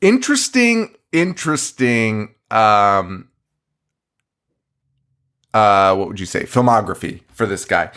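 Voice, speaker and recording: A man's voice: on the low side, animated, slow pace, long pauses, a bit bright, clean tone. A man co-hosting a podcast, chatting casually with a voice that swoops up and down. He laughs often and swears freely while telling stories. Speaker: podcast co-host. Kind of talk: casual chat.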